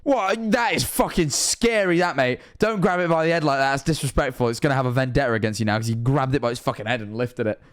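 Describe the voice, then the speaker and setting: A young man reacting to videos on stream, animated and joking, swearing often. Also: medium pitch, fast, hardly any pauses.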